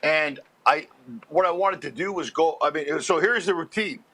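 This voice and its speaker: A comedian from Montreal tells stories as an interview guest, animated and quick to laugh. His voice is high and bright, pushing through each anecdote. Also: a little hiss or hum, rough recording. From Montreal, Canada. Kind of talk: storytelling interview chat.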